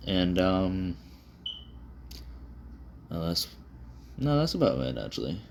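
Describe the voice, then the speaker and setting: A man with a very low voice talks casually while he draws, rambling through fillers, swearing and putting himself down. He speaks into a phone propped on his desk. A faint hiss sits under the recording. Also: very animated, takes it slowly, creaky, a little mellow. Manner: self-deprecating, rambling, frequent fillers and swearing. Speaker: vlogger drawing on camera.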